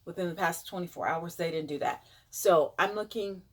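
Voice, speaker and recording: A woman's voice: fairly low pitch, normal speed. A woman vlogging, reading out statistics in a dismayed way. Her nose is stuffed up, and she sometimes drops to a whisper to react. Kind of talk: casual vlog reading statistics aloud.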